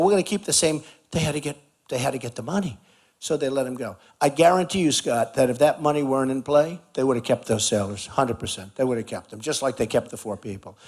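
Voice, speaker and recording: A man's voice: medium pitch, slightly rough. A man giving a campaign rally speech at an outdoor barbecue, talking emphatically and repeating his points. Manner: repetitive, emphatic, conversational riffing. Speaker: political candidate speaking at a rally.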